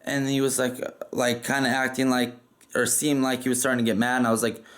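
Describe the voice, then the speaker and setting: A man's voice: medium pitch, level tone, fast, a bit bright. A man telling a story casually, rambling and profane, with lots of "like" fillers.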